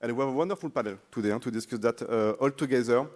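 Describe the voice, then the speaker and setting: Man, French accent, non-native English, conference panel moderator, halting delivery, mid-pitched. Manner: halting, repeats words, searches for phrasing. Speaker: panel moderator, corporate foresight lead. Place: conference stage.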